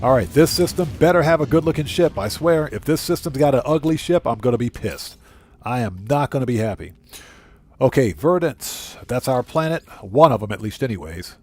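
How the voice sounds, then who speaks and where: A man streaming a video game live, chatting casually, reading viewers' messages aloud and thanking them, with his voice going hoarse. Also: mid-range voice, expressive, moderate pace. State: losing his voice. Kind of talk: casual live gameplay chat.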